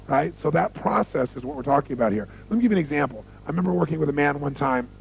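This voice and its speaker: A man telling stories in a motivational seminar, animated and full of rhetorical questions to the audience. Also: on the high side, fast, vocal fry, a little hiss or hum, low-quality recording. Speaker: seminar speaker.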